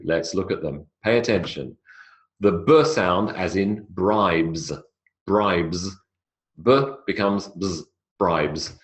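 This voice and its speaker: Deep voiced guy teaching english sounds, slow and careful, drags out the example words. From not South America. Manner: slow, drawn-out model words, lively pitch jumps on examples. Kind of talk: classroom lecture.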